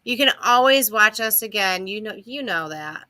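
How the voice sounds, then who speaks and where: A woman's voice: mid-range voice, animated, normal speed, bright, forceful tone, dry recording. A tired woman co-hosting a livestream in casual, rambling chat. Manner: chatty, laid-back, self-interrupting. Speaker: co-host.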